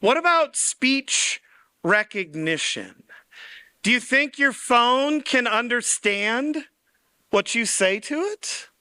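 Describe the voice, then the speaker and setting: A man giving a tech conference talk in a playful style, full of puns and quick asides. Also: extremely high pitch, lively intonation, pushed and bright, clear, resonant tone, no room sound. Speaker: conference speaker.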